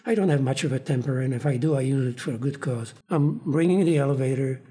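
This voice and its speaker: A man's voice: mid-range voice, quick pace. An older man, a theater producer, telling anecdotes in an interview and acting out the lines of the people in them. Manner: animated, acts out other people's lines. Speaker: theater producer recounting his career.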